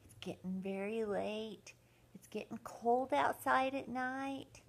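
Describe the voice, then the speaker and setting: An older woman, a grandmother, reading a picture book aloud to children in a slow, expressive, sing-song way. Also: a little high, creaky. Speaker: grandmother storyteller.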